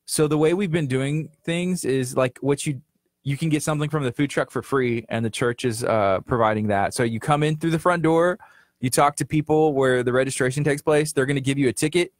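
A man's voice: mid-range voice, a little fast, no echo, studio quality. A man co-hosting a local radio show, chatting casually and teasing his co-host with a joking, laughing manner. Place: radio studio. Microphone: studio microphone.

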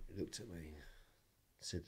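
A man telling rough, animated stories in a casual podcast chat, swearing constantly. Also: deep voice, measured pace. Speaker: podcast guest.

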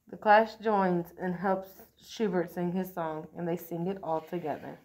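A woman reading a children's picture book aloud in a clear, expressive and unhurried way. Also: fairly low pitch. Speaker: storyteller.

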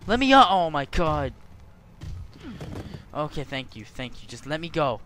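Male let's-play commentator, higher voice, bright and excitable, swears a lot, faint room noise. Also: a little slow. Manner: excitable, swears constantly, yells at the game. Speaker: gaming commentator.

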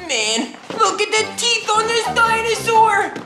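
A woman voicing an excitable young schoolboy who reviews toys, shouting, giggling and yelling karate cries. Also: very high-pitched, unhurried, full character voice. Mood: excited. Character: hyper young schoolboy toy reviewer with brothers. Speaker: toy reviewer. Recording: roomy echo with music behind.

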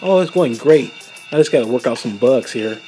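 A man voicing an eager young male turtle inventor in a homemade stop-motion film, quick to panic and shout. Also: medium pitch, lively intonation, faint music behind, close to an everyday voice.

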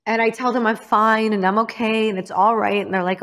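A woman's voice: medium pitch, little pitch movement, fast talker, a bit bright. A woman from Illinois, a guest in an interview, telling a frank personal story and often calling herself out. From Illinois, United States. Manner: frank, self-critical, acts out others' lines.

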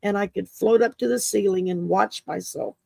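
A middle-aged woman from Texas hosts a casual interview. Her voice is gravelly and a little husky. She tells long personal stories, laughing along the way, in a dry, close recording. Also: mid-range voice, fairly even intonation, normal speed, a little mellow, no room sound. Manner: chatty, laughs often while telling stories. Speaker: podcast host.

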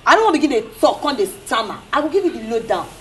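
A woman's voice: sits high, very fast, slight background noise. An actress playing a scheming young Nigerian woman who chats brashly in Pidgin. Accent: Nigerian, Pidgin-speaking. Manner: brash, lively Pidgin banter.

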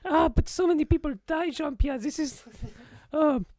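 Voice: high-pitched, measured pace, a little mellow, no room sound, clean studio sound. A performer playing a touchy male Belgian film director who puts on a French accent, petulant and always apologising, in a comedy sketch. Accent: put-on French. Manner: whiny, petulant, keeps apologising.

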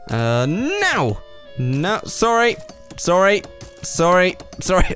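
A man giving let's play commentary while he plays a video game, exasperated, swearing, yelping and cheering loudly. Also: sits high, very animated, slow pace, faint music behind.

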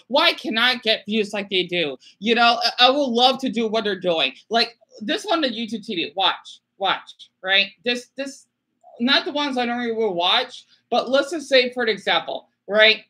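A man on a small live stream, talking in a stressed, halting, apologetic way with many repeated words. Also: extremely high pitch, expressive, bright, forceful tone. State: stressed and distressed. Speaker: small YouTuber livestreaming. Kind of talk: emotional live stream talk.

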